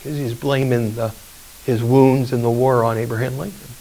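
A man preaching a communion sermon, telling a story in a halting way with fillers. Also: medium pitch, fairly even intonation, creaky, dark tone, recorded from a distance, a little hiss or hum, poor audio. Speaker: pastor.

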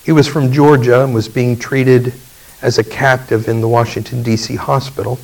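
A man preaching a communion sermon, telling a story in a halting way with fillers. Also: medium pitch, level tone, a little mellow, distant mic, low-quality recording. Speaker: pastor.

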